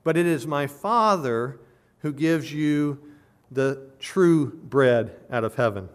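Man preaching a measured verse-by-verse sermon. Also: mid-range voice, expressive. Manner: measured teaching, rising to emphatic stress on key words. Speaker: pastor. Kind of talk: expository sermon.

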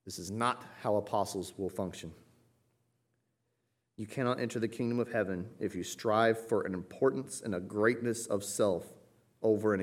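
A pastor preaching an expository sermon, teaching earnestly and pushing hard on key words. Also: male voice, fairly low pitch.

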